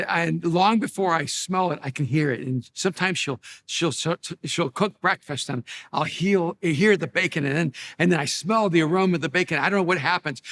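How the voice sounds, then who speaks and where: A man's voice: a little high, sharp tone. A middle-aged male pastor giving a conversational sermon, telling stories with humor and frequent restarts. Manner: storytelling with many restarts and self-deprecating humor.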